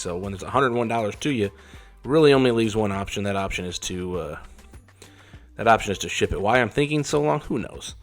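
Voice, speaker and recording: A man casually talking through his poker hands as a vlogger, in a rambling, wry and self-deprecating way. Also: fairly low pitch. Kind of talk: casual poker hand commentary.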